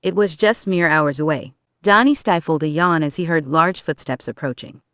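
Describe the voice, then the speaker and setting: A reader narrating a fan fiction audiobook in a steady storytelling way. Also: mid-range voice, normal speed, dry recording, studio quality.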